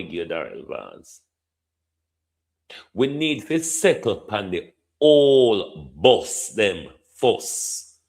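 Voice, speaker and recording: A man's voice: lowish voice, big pitch swings, darkish tone. A middle-aged Jamaican man giving opinionated commentary, stretching key words for emphasis and ending points with a questioning "hmm?". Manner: repeatedly addresses a minister by name, drawn-out emphasis, tag "hmm?". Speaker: political commentator.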